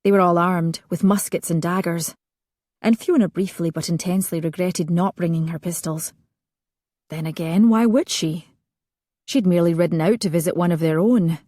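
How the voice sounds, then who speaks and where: A woman reading a historical romance audiobook in a measured, expressive narration. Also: fairly low pitch, no echo, clean studio sound.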